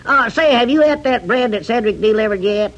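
An actor playing a fussy, chatty middle-aged country storekeeper, in 1940s radio comedy acting. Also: male voice, very high voice, lively intonation, brisk, fairly bright tone, exaggerated voice. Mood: teasing. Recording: lo-fi old radio recording.

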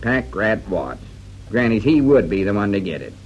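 An actor playing a blustery, self-pitying country storekeeper, in 1940s radio comedy acting. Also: male voice, lowish voice, big pitch swings, normal speed, breathy edge, exaggerated voice. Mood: aggrieved. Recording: lo-fi old radio recording.

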